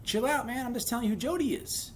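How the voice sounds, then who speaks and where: A man's voice: extremely high pitch, fast, a little hiss or hum, pitched above the performer's own voice. A man voicing a blunt, slangy fellow inmate who explains things matter-of-factly. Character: seasoned male inmate, blunt, laid-back.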